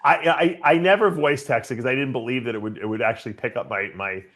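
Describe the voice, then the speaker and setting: A man's voice: medium pitch, fast, fairly bright tone. A man hosting a casual podcast chat, rambling and repeating words as he restarts his sentences. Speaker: podcast host.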